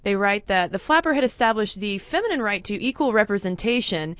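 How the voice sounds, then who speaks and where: A woman's voice: mid-range voice, very animated, a little fast, a bit bright, clean tone, no room sound. A woman co-hosting a casual history podcast, laughing easily and thinking aloud with fillers. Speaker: podcast co-host.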